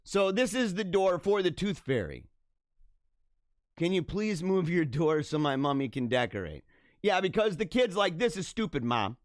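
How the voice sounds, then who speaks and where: A man's voice: high-pitched, lively intonation, normal speed, dry recording, clean studio sound. A man hosting a casual livestream, rambling and laughing as he reads comments and mimics voices. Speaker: livestream host.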